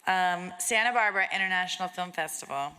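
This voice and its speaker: A woman's voice: fairly low pitch, fairly quick, noisy background. A middle-aged woman giving an acceptance speech on stage, effusive and grateful, a little scattered. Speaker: award honoree.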